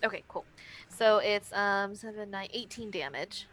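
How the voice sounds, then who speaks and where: Woman tabletop player, bright voice, relaxed and chatty. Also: medium pitch, unhurried. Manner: laughs often, casual. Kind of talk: casual tabletop play.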